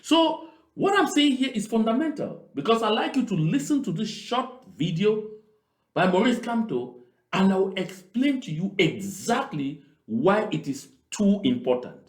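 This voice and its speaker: Emphatic man, lively high voice. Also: normal speed. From Southern Cameroons. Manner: emphatic, repeats key phrases. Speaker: political commentator. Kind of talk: commentary on played clips. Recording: roomy echo.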